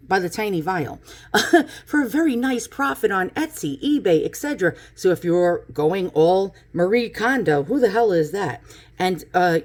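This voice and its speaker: A woman in her fifties rambling through a casual home vlog in her kitchen, sarcastic and cranky, swearing freely. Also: mid-range voice. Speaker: YouTube vlogger.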